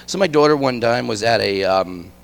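A middle-aged man giving a guest sermon in a conversational, storytelling way, swinging from quiet asides to emphatic points. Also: mid-range voice, expressive, normal speed, vocal fry. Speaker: guest preacher. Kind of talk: conversational sermon with personal stories.

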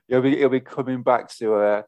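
A man's voice: medium pitch, fairly even intonation, normal speed, darkish tone, dry recording, dull audio. A young man co-hosting a podcast, chatting casually with enthusiastic, sweary banter. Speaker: podcast co-host. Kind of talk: casual chat.

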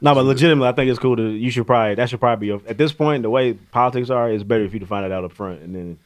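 A man co-hosting a casual comedy podcast, making quick, offhand remarks. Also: mid-range voice. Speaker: podcast co-host.

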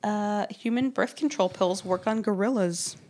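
A woman co-hosting a casual podcast, reading out a list of fun facts in a deadpan way. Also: mid-range voice, a little slow. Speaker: podcast co-host.

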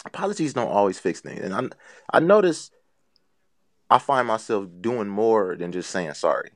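Man, podcast co-host, low voice, earnest, rambling, dry sound. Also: big pitch swings, normal speed, no echo. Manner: earnest, rambling with filler phrases. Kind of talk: casual chat.

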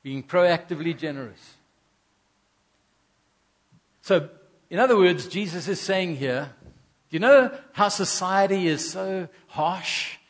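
Male pastor, middle-aged, from South Africa, earnest sermon delivery, slightly higher voice, repeats phrases. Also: animated, takes it slowly, pauses often. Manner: earnest preaching with repetitions and acted asides.

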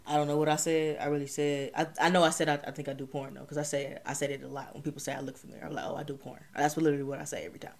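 A woman's voice: deep voice, level tone, rapid-fire, few pauses, slight background noise. A young woman, hosting a podcast and telling a rambling story in casual chat. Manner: laid-back, rambling, bursts into loud laughter. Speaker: podcast host.

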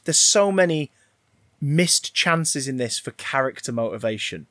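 A man's voice: mid-range voice, measured pace, dry recording. A man, casually ranting and riffing about a film on a podcast, swearing freely. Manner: animated, sweary, rambling. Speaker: podcast co-host. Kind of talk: casual film review chat.

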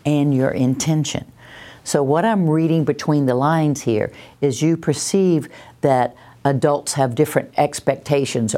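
A woman, a parenting educator giving a calm, reassuring talk that answers questions and acts out little scenes. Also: rumbling low. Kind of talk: teaching talk, Q&A.

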